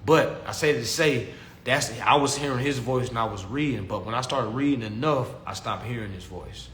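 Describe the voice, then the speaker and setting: A man's voice: medium pitch, normal speed, fairly bright tone. Young guy lecturing his followers on reading, preachy and repetitive, roomy echo with faint background hum. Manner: preachy, repetitive, calls listeners family. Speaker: consumer law class teacher. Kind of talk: casual talk to followers. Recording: echoey room with faint ambience.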